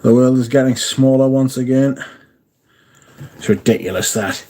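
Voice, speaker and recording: A man with a mellow mid-range voice hosts a casual livestream at a moderate pace. He's chatty and swears freely, reading viewer comments aloud and answering them.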